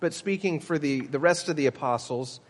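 A man's voice: fairly high pitch, moderate pace, long reverb tail. A man preaching a sermon as pastor, earnest and emphatic, with teaching asides to the congregation.

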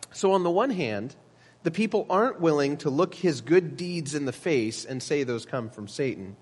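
A man's voice: on the high side, lively intonation, unhurried, darkish tone, slightly rough, big-room sound. A man preaching a sermon as pastor, earnest and emphatic, with teaching asides to the congregation.

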